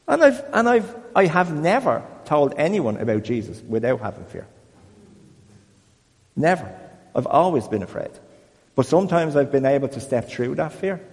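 A man leading an informal Bible talk for a small group, chatty and self-deprecating, growing more animated as he goes. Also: fairly high pitch, in a large hall. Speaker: church group leader.

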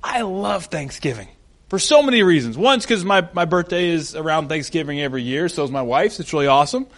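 A man's voice: fairly high pitch, animated, brisk, fairly bright tone. A young man preaching a sermon as a pastor, enthusiastic and full of stories. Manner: enthusiastic, storytelling.

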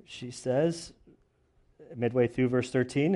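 A man's voice: medium pitch, animated, a little slow, pauses often, a little mellow. A man preaching an expository sermon in a conversational way, reading scripture and retelling the story with dramatized voices. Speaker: pastor.

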